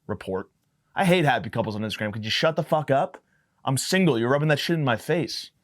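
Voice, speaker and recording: A man's voice: medium pitch, lively intonation, a little fast. Profane young man ranting on a podcast. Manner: jumps between tangents. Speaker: podcast host. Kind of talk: comedic monologue.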